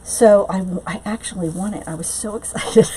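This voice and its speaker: A woman of middling pitch hosts a live craft tutorial, talking loosely and chattily. She answers viewers' comments as they come in and pads her talk with fillers and restarts. A faint hiss sits under her voice. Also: steady tone, moderate pace, dark tone, poor audio. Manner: frequent fillers and trailing restarts. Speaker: craft channel host.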